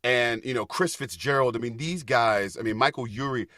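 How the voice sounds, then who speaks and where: A man guest on a casual podcast chat, telling lively stories, acting out quotes and laughing often. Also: mid-range voice, normal speed, dry recording, clean studio sound. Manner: animated storyteller, acts out quotes, laughs often. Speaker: Broadway actor guest.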